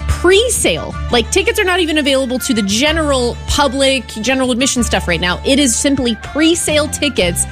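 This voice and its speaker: Woman, radio host, upbeat promo read, higher voice, lively, faint music behind. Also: brisk, hardly any pauses. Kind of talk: radio announcement and banter.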